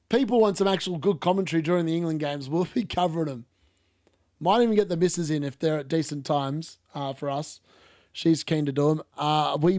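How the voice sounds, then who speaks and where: Man, watch-along host, casual live football chat, blunt and opinionated, fairly high voice, dry close sound. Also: darkish tone, dry recording. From Australia. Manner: chatty, blunt and opinionated, mild swearing. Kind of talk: casual live match commentary.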